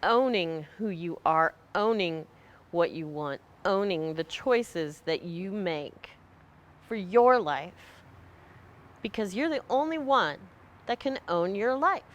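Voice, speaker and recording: A woman's voice: mid-range voice, animated, takes it slowly, muffled recording. A woman leading a group, giving a conversational motivational talk and acting out short quoted voices. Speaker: group leader.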